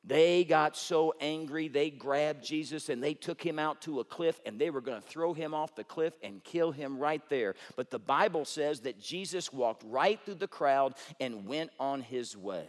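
Male pastor, animated sermon delivery, slightly high voice, echoing church hall. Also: unhurried, few pauses. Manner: storytelling preacher, rhetorical questions, dramatic swings from loud to hushed.

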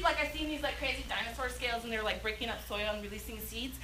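A woman giving an excited, passionate church message, chatty and laughing often as she speaks. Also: sits high, fast, few pauses, some chatter behind. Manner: chatty, many fillers. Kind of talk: prophetic activation message.

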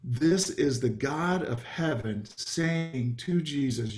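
A man preaching in a relaxed, conversational way, often stopping for ums and small asides. His voice sits at an ordinary middle pitch for a man. He speaks as a pastor addressing his congregation over a video call. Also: slow, hardly any pauses.

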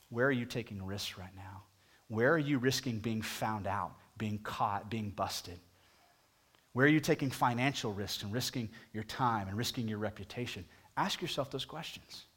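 A pastor preaching a sermon, talking conversationally and putting direct questions to the congregation, his voice climbing higher and louder at emphatic moments. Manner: rises in pitch and volume at emphatic points.

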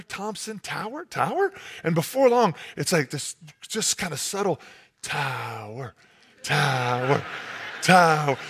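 A man preaching a sermon, telling a comic story as an animated storyteller who drops to a hush for effect. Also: high-pitched.

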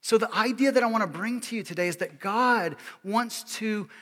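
High bright-voiced pastor preaching. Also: male voice, moderate pace, in a large hall. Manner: animated and joking, keeps asking "all right?". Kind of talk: sermon.

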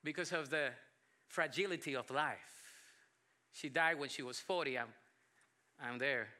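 A man in his forties from Colombia with a Colombian Spanish accent mixed with South Texas English, preaching a sermon as a pastor with emphatic phrasing and quieter asides. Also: on the high side. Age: 40s. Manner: emphatic preaching with pauses, drops to soft asides.

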